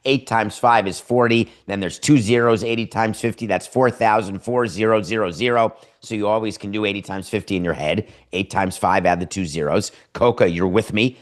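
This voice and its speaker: A man hosting a sports talk show, giving opinionated commentary. He lectures emphatically, stretches words to make a point, and fires off rhetorical questions and quick asides. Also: on the low side. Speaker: podcast host.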